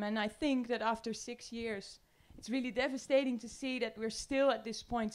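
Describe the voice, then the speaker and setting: Woman, Dutch accent, fairly high voice, panel speaker, earnest and emotional. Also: fairly even intonation, moderate pace, hardly any pauses. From Netherlands. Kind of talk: emotional public talk. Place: room with audience.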